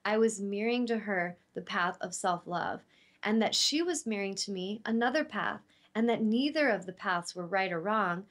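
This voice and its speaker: A woman's voice: mid-range voice, normal speed, fairly bright tone. A woman who works as an intuitive healer, talking earnestly and from the heart about love and forgiveness, with casual fillers. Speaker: intuitive healer and show host. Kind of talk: spiritual teaching talk.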